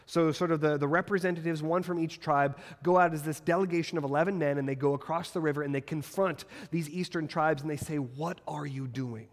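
A man pastor preaching a sermon to his congregation. He talks expressively, with big rises and falls in pitch, and slows down hard on key words. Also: in a large hall. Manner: expressive preaching with strong pitch swings and emphatic slowing. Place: church sanctuary.

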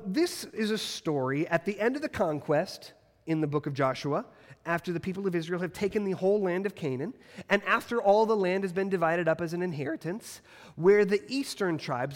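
A man preaching in a church with a fairly high voice that swings up and down as he presses each point. He slows down on the words he wants to land. His voice rings out with a long reverb that hangs in the room. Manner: expressive preaching with strong pitch swings and emphatic slowing. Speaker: pastor. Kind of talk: sermon. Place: church sanctuary.

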